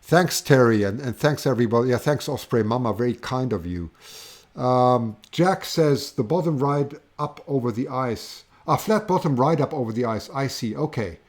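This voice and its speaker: A man with a German accent hosting a live stream, chatting enthusiastically to viewers with many halting restarts. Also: medium pitch, lively intonation. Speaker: host of a livestream. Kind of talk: casual live-stream chat.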